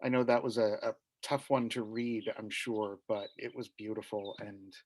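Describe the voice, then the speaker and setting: Halting man hosting a reading. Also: on the low side, little pitch movement, a little mellow. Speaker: host of the reading series.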